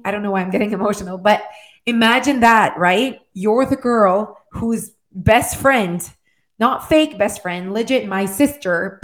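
Earnest woman coaching with direct check-ins. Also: a little high. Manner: heartfelt and rambling, with restarts. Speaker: motivational speaker on weight and wellness. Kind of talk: earnest motivational monologue.

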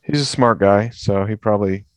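A man co-hosting a casual basketball podcast, giving news in a measured, analytical way. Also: lowish voice, no echo. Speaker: podcast co-host, news segment.

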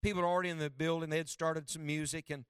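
A man preaching a sermon as a traveling preacher, dropping low and soft for quotes and rising high for emphasis. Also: flat delivery, rapid-fire, smooth, dry recording, clean studio sound, distant mic.

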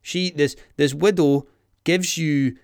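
A man's voice: a little high, fairly even intonation, slow pace, clean tone, dry recording, studio quality. A man with a Scottish accent giving a comic history talk, chatty and digressive, with joking asides. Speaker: history presenter.

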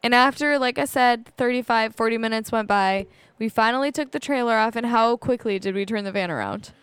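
A woman telling travel stories on a casual podcast, chatty and full of "like"s. Her voice is fairly high and smooth. The recording is dry and close, with no room sound. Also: fairly quick, dry recording. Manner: chatty, laughs often, says "like" a lot. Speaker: podcast co-host. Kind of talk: casual storytelling.

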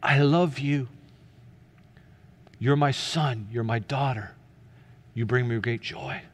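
A man preaching, voicing God as a gentle, loving father with slow, soft, tender reassurance. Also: medium pitch, pitched below the performer's own voice.

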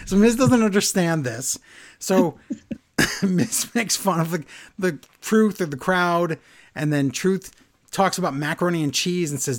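A podcast co-host recaps wrestling in a casual chat, animatedly performing quotes in playful voices. His voice sits high and moves a little slowly.

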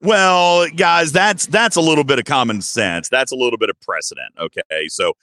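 A man in his thirties hosting a casual podcast, animated and playful, often jumping way up in pitch when he gets excited. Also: moderate pace, no echo, clean studio sound. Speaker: podcast host.

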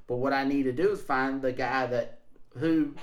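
A man's voice: medium pitch, steady tone, normal speed, reverberant, muffled recording. A man talking bluntly in a casual conversation, rambling and restarting his sentences.

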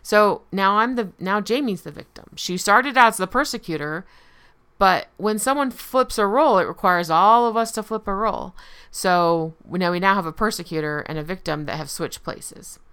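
A woman teaches in a relaxed, conversational way, often pausing on "um" and checking in with "right?". Her voice is bright, with a smooth, clear tone. The delivery stays informal throughout. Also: medium pitch. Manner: conversational explaining, frequent "right?" and "um". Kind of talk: casual spoken lesson.

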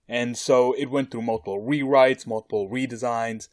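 Male co-host with a mid-pitched voice, loose and rambling, casual podcast chat. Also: steady tone, moderate pace, darkish tone. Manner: rambling, with many fillers and laughs. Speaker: podcast co-host presenting a film.

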